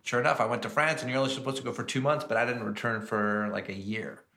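Bright-voiced chef telling stories. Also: male voice, medium pitch, fast. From United States. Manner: animated, lots of fillers and acted-out quotes. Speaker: chef and restaurateur, podcast guest. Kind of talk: casual storytelling chat.

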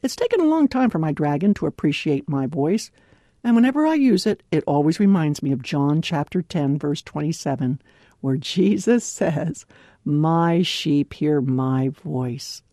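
A woman giving a devotional talk in an earnest, clearly enunciated way, laughing often. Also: low-pitched, lively intonation, normal speed, mellow, dry recording, clean studio sound. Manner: clear, carefully enunciated delivery. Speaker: devotional speaker.

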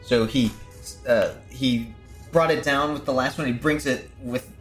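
A man's voice: medium pitch, a little slow, fairly bright tone, soft background music. A man playing a tabletop game, teasing the others and explaining the rules of his moves. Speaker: player. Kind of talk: casual tabletop game play.

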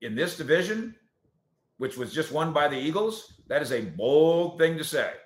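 Animated man riffing on football, roomy. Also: normal speed. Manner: animated, sarcastic, swings from loud to low asides. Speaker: sports show host. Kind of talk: casual commentary reading viewer comments. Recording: roomy echo.

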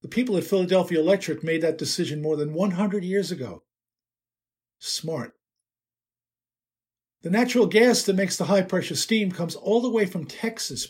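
An older man, a writer, narrating a personal story in a wry, unhurried way. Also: high-pitched, a little mellow, husky.

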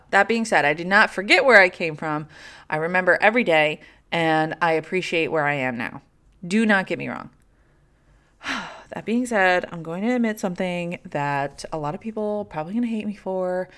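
A woman's voice: on the low side, fairly bright tone. A woman hosting a podcast, telling stories in a casual, rambling chat with lots of fillers and swearing, candid and self-deprecating. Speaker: podcast host.

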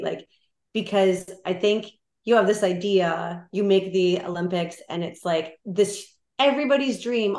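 A woman's voice: mid-range voice, measured pace. Candid woman in a roomy echo. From Canada. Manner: candid and animated, with many fillers. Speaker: guest, Olympic marathoner. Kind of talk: casual interview chat.

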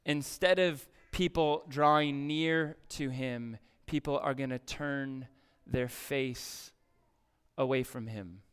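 A man's voice: medium pitch, fairly even intonation, slow pace, fairly bright tone, clean tone. A man preaching a sermon as a pastor, reading scripture emphatically and asking the congregation questions.

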